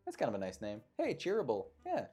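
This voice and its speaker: A man's voice: medium pitch, wildly swooping pitch, fast talker, warm tone, breathy edge, faint music behind. A man hosting a live online trivia show, reading questions and making playful, jokey asides between them. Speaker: quiz show host.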